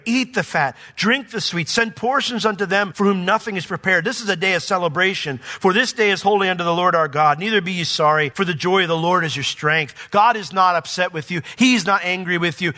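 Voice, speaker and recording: A man preaching a sermon as pastor, reading scripture aloud and explaining it verse by verse, swinging from quiet asides to raised emphatic points. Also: high voice.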